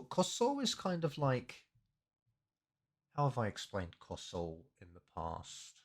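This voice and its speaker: Male streamer, low-ish voice, unhurried and hesitant while explaining language. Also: huge pitch swings, fairly bright tone. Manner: hesitant, thinking aloud, many fillers. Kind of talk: casual language breakdown.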